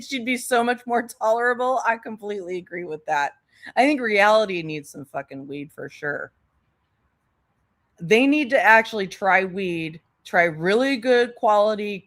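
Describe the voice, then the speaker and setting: A woman's voice: medium pitch, a bit bright. A woman giving blunt, sarcastic commentary, speaking straight to the person she criticizes. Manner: blunt, sarcastic, addresses the subject directly. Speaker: commentary youtuber. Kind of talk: commentary over clips.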